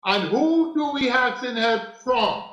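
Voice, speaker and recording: A man with a very high voice delivers a spiritual talk at an unhurried, deliberate pace. He preaches and repeats his phrases for emphasis. The recording sounds roomy and echoey. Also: lively intonation, a bit bright, dull audio. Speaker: spiritual teacher. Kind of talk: preaching monologue.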